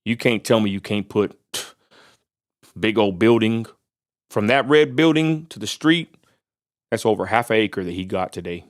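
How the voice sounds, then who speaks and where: A man's voice: fairly low pitch, lively intonation, moderate pace, long pauses. A man from Texas delivering an angry, fired-up vlog rant, preacher-like and full of Southern turns of phrase. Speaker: vlogger. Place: outdoors near a roadside lot.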